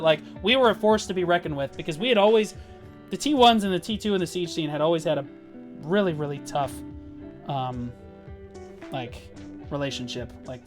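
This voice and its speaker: A gaming guild leader tells a story on a live stream in a heated, swearing rant. The voice sits at an ordinary middle pitch and the words tumble out full of "like" and "um". Faint guitar music plays quietly behind. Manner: profane, heated and emphatic, with frequent "like" and "um".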